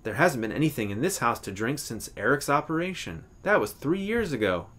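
A man's voice: mid-range voice, sing-song, fairly quick, fairly bright tone. A plain-spoken adult woman from a spoken short story, voiced by a male reader, direct and matter-of-fact. She answers frankly, without fuss.

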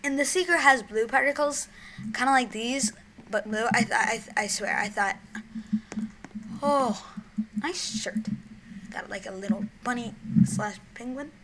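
Excitable young woman narrating a game. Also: fairly high pitch, a little slow, long pauses, a little hiss or hum, rough recording. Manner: excitable, shrieks and giggles, drops to mumbled whispers. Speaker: gaming YouTuber. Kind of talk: gameplay commentary.

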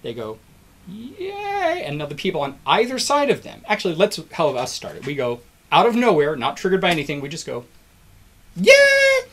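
A recorded biology lecture features a man with a slightly high voice speaking quickly, barely pausing, over a bit of hiss or hum. He's animated and encouraging, explaining in steps and mimicking a crowd's cheers as it does the wave.

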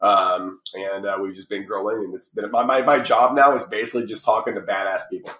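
A middle-aged man with a low-pitched voice, chatting as a podcast guest. He rambles with frequent restarts and fillers, and the sound bounces around a roomy space. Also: a little fast, background noise. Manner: rambling, lots of restarts and fillers, animated when telling stories. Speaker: podcast guest, publishing company founder. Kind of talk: casual interview talk.

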